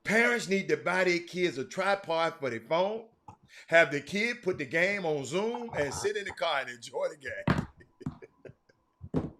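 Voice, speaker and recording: A man hosting a casual livestream sports talk show, animated and laughing, often repeating names and restarting his sentences. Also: high voice, moderate pace. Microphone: streaming mic.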